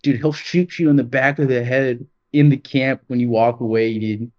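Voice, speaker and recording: A man co-hosting a podcast, chatting excitedly about games, peppering his talk with "dude" and swearing. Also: medium pitch, normal speed, lo-fi sound. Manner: excited, profane, rambling with lots of "dude". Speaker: podcast co-host. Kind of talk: casual gaming chat.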